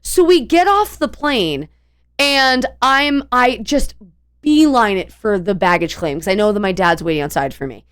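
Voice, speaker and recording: Chatty woman streamer, smooth voice. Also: medium pitch, moderate pace. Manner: animated, rambling, many fillers and restarts. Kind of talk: casual storytelling.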